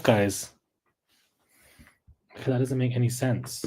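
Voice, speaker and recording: A man hosting a casual livestream, chatting straight to his viewers in a relaxed, murmuring way. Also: medium pitch, unhurried, breathy edge. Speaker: livestream host.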